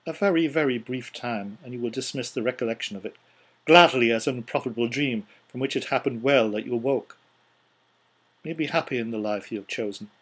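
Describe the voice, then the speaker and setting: A man reading the part of a steady young woman ending an engagement, speaking quietly and with measured sorrow. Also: mid-range voice, slightly rough, lightly acted. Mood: resigned. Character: young woman, calm and steady, gently releasing a former love. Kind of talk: audiobook character reading.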